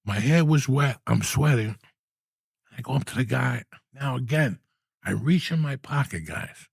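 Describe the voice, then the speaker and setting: A man in his sixties telling a story in casual, profane, animated style, with loud outbursts. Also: medium pitch, measured pace, vocal fry, slightly rough, no room sound, studio quality. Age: 60s. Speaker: podcast host.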